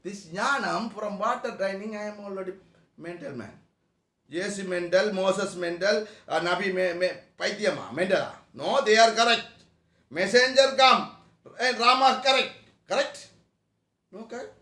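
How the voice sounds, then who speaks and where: A man teaches a spiritual class in broken English. His voice sits very high and sounds sharp and bright. The room around him is echoey. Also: moderate pace. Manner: broken English, rhetorical questions to the audience. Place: meeting room.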